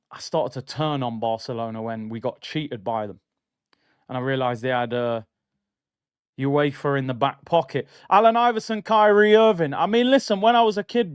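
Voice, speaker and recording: A man hosting a casual football talk stream, chatty and excitable, full of slang, talking straight to his viewers. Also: medium pitch, smooth, no room sound, dull audio. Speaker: football channel host.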